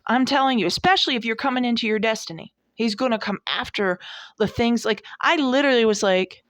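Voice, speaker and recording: Fairly high-pitched and brisk, a woman in her 40s hosts a devotional podcast, hammering her points home through folksy, emphatic repetition. The sound is studio quality, with no echo.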